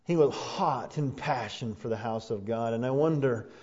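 A man preaching a sermon as pastor, building from conversational asides to loud, fervent passages. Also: medium pitch, normal speed, highs cut off.

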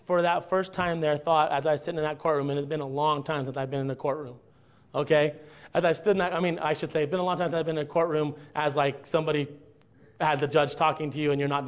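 A man preaching a sermon to his congregation, earnest and building to impassioned, drawn-out emphasis. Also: fairly high pitch, muffled recording. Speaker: pastor.

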